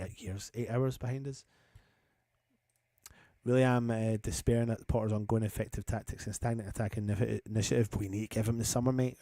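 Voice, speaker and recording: The voice is a warm, mid-range one belonging to an English man, captured in clean studio sound with no room sound. He hosts a fan channel's live football watchalong, calling the play and reading viewer comments aloud. Chatty and matey, he keeps interrupting his commentary to greet viewers.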